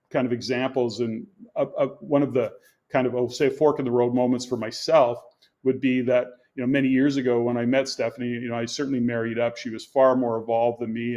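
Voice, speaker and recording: A man's voice: mid-range voice, a little mellow. A man in his sixties, a guest on a podcast, telling stories earnestly and with emphasis as he explains his coaching. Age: 60s. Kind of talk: conversational interview.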